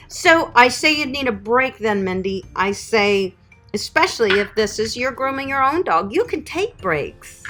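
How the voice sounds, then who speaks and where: Bright-voiced chatty woman groomer. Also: medium pitch, animated, moderate pace, faint music behind. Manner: chatty and affectionate, calls viewers honey and sweetheart. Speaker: pet groomer hosting a live stream. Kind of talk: live Q&A chat reading viewer comments.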